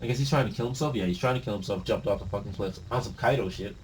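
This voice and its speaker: A man reading a manga aloud and reacting, talking in a casual, slangy, excitable way. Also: lowish voice, very fast, a little hiss or hum. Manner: excitable, slangy, breaks into shouts and laughs.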